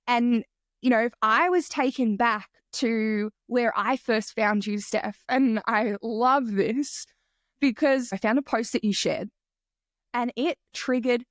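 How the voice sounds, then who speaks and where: A woman's voice: a little high, takes it slowly, no echo, clean studio sound. A woman hosting a podcast interview, enthusiastic and casual, swearing freely and acting out quotes. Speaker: podcast host.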